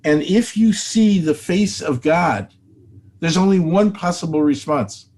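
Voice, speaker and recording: Earnest older rabbi, preacherly repetition. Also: male voice, high voice, measured pace, darkish tone. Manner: earnest, preacherly, repeats phrases for emphasis. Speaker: rabbi and spiritual teacher. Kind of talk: spiritual interview talk.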